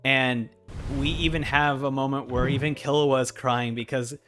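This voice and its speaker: A young man in casual review commentary, excitable, swinging between hyped and somber as he talks. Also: mid-range voice, moderate pace. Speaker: anime reviewer.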